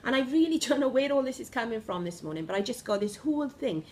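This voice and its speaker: A woman giving an energetic, emphatic spiritual pep talk to camera, repeating phrases for emphasis. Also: fairly high pitch, fast talker. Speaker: spiritual vlogger. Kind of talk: impassioned motivational monologue.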